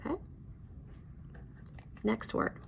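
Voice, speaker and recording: A woman's voice: very slow, a little hiss or hum. A woman teacher guiding a student step by step through a reading lesson, patient and encouraging, sometimes dropping to a whisper.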